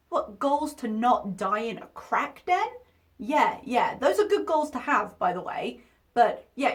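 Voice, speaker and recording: A woman hosting a reaction video, commenting in a sarcastic, exasperated way and swearing freely. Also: fairly high pitch.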